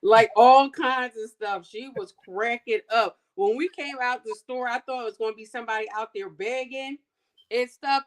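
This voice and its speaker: A woman's voice: on the high side, normal speed. A woman co-hosting a casual chat, telling stories in folksy, chatty phrasing.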